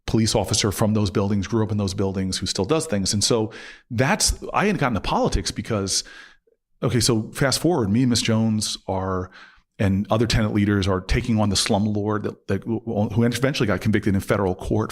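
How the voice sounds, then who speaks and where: A middle-aged man, a guest on an interview show, telling a long personal story in an animated way and acting out what people said. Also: lowish voice, fairly quick. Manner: animated, acts out quotes with laughs. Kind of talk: conversational storytelling.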